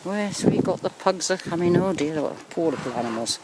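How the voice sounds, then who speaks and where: A woman's voice: lowish voice, lively intonation, moderate pace, a little mellow, a little hiss or hum. A woman chatting in a sing-song way while filming a walk along a beach and holiday park. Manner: chatty, sing-song, hums and laughs often. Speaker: vlogger. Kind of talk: casual walking commentary.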